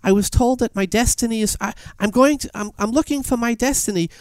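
A man voicing an earnest, unlucky young man in a fable, who stammers and rushes his words. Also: extremely high pitch, clear, resonant tone, dry recording, pitched above the performer's own voice. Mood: flustered, excited. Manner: stammering and eager.

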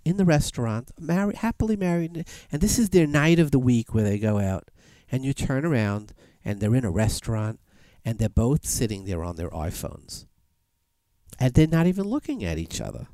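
A man preaching a sermon and telling a fable, animated, with sweeping emphatic rises in his voice. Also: mid-range voice, normal speed, dry recording. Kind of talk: sermon with storytelling.

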